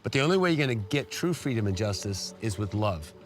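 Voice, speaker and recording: A middle-aged man giving an earnest, emotional personal testimony as an interview guest, his pitch jumping up when he is moved. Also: sing-song, fast talker, slight background noise. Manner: emotional, earnest storytelling with sudden rises in pitch. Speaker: guest telling a war story.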